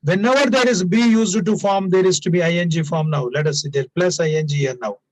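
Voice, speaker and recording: A man's voice: high-pitched, a little fast, a little mellow, dry recording, rough recording. A man teaching an English grammar lesson to students, explaining usage through example sentences and repeating key points, often tagging lines with "now" and "please".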